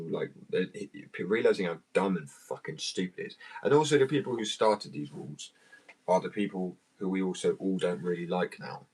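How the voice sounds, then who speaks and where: In poor-quality audio, a man with a deep, breathy voice chats for a vlog while drowsy from a muscle relaxant. His delivery is rambling, sweary, and laid-back, loose and unguarded.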